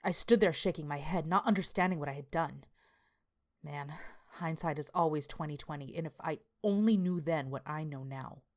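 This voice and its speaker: A man's voice: fairly high pitch, normal speed, lightly acted. A woman reading as a weary working man's journal. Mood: rueful. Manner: confessional, plainspoken first-person account. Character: weary male landscaper writing a journal.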